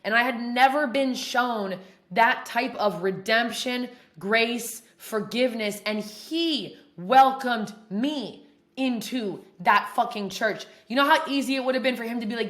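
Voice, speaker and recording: A woman podcast host telling a story in casual, profane, animated talk. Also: fairly high pitch, a little slow. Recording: echoey room.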